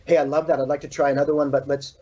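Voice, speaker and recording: Over a video call with dull, lo-fi sound, this Californian surfboard shaper gives a casual interview, rattling along quickly with plenty of "like" and "you know." His husky voice is medium-pitched, dark in tone, and fairly flat in pitch.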